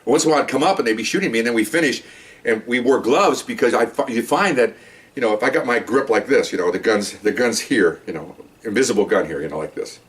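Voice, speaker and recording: Brief: middle-aged male cop, rapid rambling anecdote, mic set back a bit. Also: medium pitch, far from the mic. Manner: animated, acts out scenes with quoted voices; loose, rambling, frequent "okay?" and "you know". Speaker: police detective and supervisor. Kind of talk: casual storytelling.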